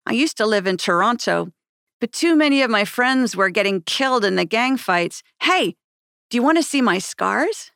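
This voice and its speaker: A woman's voice: on the high side, expressive, moderate pace, vocal fry, a bit bright, dry recording, clean studio sound. A woman voicing a streetwise young male ex-gang member who talks bluntly and casually, in a memoir read aloud. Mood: offhand.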